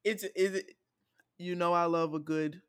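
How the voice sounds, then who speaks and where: A woman from the American South co-hosting a podcast in casual chat, telling animated stories and laughing often. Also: on the low side, unhurried, smooth, no room sound, clean studio sound. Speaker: podcast co-host.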